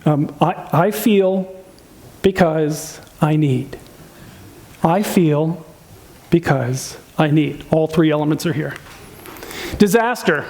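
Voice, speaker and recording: A man's voice: a little high, slow pace, pauses often, a little mellow. A man preaching a sermon on relationships in a conversational way, asking the congregation questions and acting out spouses' complaints in a raised voice. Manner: conversational, asks the audience questions. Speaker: pastor.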